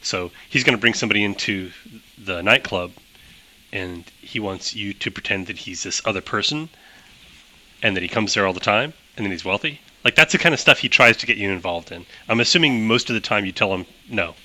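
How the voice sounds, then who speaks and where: A man's voice: lowish voice, a little fast, bright, forceful tone, low-quality recording. A man narrating as game master of a tabletop game, chatty, laughing often and using many fillers.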